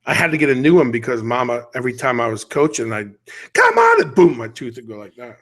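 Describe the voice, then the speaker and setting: A man's voice: mid-range voice, fast talker. A middle-aged man hosting a podcast, ranting bluntly and animatedly in casual chat. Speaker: podcast host.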